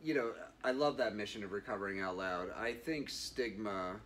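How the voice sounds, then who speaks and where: Low-voiced man, 30s, interview guest, earnest and reflective, faint noise under. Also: moderate pace, fairly bright tone. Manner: earnest and reflective, many fillers. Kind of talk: candid interview.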